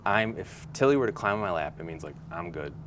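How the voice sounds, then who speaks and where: A man co-hosting a podcast, talking in a relaxed, rambling way and laughing often. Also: sits low, quick pace. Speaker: podcast co-host. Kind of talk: casual chat. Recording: noisy background hum.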